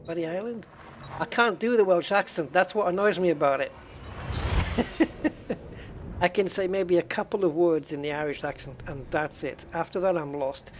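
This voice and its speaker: Speaking at normal speed with frequent pauses, this high-voiced man from the UK rambles through viewer questions while streaming a game. It's casual live-stream chat with slight background noise.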